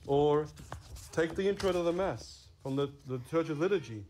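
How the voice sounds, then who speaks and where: A man preaches a Catholic sermon in an earnest, steady manner. His voice sits a little higher than most men's, and he leans on the words he wants remembered. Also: a little fast. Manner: earnest, stresses key words. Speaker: Catholic priest.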